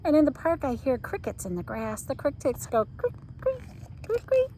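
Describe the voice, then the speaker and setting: A woman's voice: high voice, very animated, moderate pace, warm tone, slight background noise, low-quality recording. A woman teacher reading a picture book aloud to children, playfully mimicking the sound effects.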